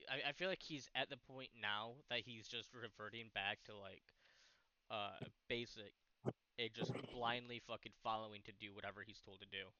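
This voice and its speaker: A man's voice: on the low side, sharp tone, lo-fi sound. A man playing a tabletop game, talking hesitantly with frequent restarts. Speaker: player. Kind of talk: casual tabletop game play.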